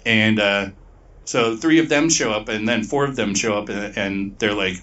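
A man co-hosting a podcast, casually recapping a novel's plot in a rambling, profane way and slipping into quick voices for the characters. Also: on the low side, a bit bright, far from the mic, muffled recording. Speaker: podcast co-host.

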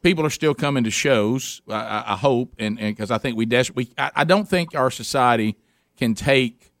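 A male talk show host chatting casually with a guest, repeating words when excited and laughing along. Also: mid-range voice, normal speed, dry recording, clean studio sound.

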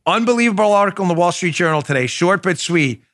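A man's voice: sits high, expressive, fast, a bit bright, dry recording, studio quality. Emphatic male talk-show host. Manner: emphatic, conversational, punchy. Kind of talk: political talk show with ad reads.

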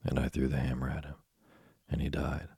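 A man's voice: very deep voice, completely flat delivery, brisk, gravelly, dark tone, slightly rough, no room sound, clean studio sound, exaggerated voice. A man voicing a hungry, whiny wooden puppet boy in a storybook reading, complaining and petulant.

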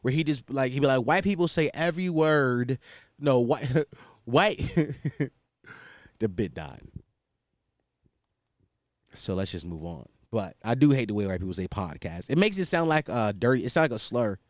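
Lively, profane young man rambling. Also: medium pitch, normal speed, long pauses, no echo, studio quality. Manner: rambling, profane, self-mocking. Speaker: podcast host. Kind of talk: casual solo chat.

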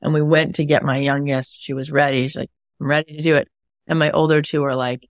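A woman's voice: low voice, little pitch movement, quick pace, no room sound, studio quality. A woman in her thirties hosting an interview, chatty and enthusiastic with many fillers. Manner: enthusiastic, chatty, lots of "you know" and "like". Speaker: podcast host. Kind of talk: casual interview chat.

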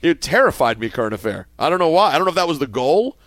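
A man hosting a sports talk radio show, animated and jokey as he steers the banter. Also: on the high side, fast talker, no echo. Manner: animated, jokey, leads segments. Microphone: studio microphone.

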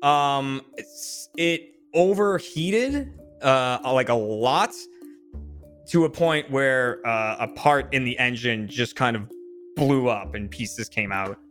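Bright-voiced laughing game host. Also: male voice, medium pitch, animated, slow, faint music behind. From Boston area, USA. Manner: laughs often, easygoing. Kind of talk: casual game show banter.

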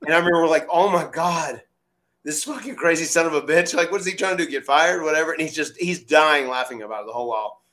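A man's voice: fairly high pitch, fast. A middle-aged man casually telling stories on a podcast, acting out quotes and laughing often. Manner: animated, acts out quotes loudly, laughs often. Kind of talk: casual storytelling.

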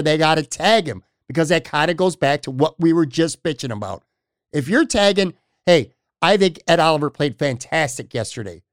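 A man hosting a sports podcast, speaking in casual chat with measured emphasis and addressing listeners. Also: fairly high pitch, clean tone, no room sound, studio quality. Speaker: podcast host.

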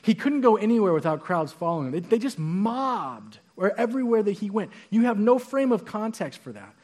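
A man preaching a conversational sermon to his church, animated and full of quick restarts. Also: high-pitched. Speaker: pastor.

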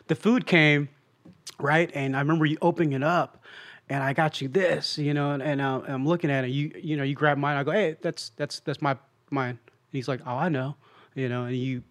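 A man co-hosting a casual podcast, telling his side of a story in a chatty way, often trailing into quiet asides. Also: fairly high pitch, fairly even intonation, brisk. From Southeast Asia. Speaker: comedian co-host.

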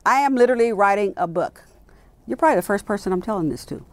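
A woman's voice: medium pitch, animated, quick pace, no echo. A woman in her late fifties, an executive guest in an interview, telling her story with animation and acting out the dialogue she quotes. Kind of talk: conversational interview.

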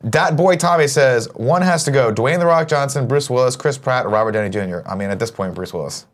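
A man's voice: medium pitch, a little fast. A man hosting a casual morning talk show, reading out viewer questions and joking with his co-hosts, swearing now and then. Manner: lively, swears, jokey. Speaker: host.

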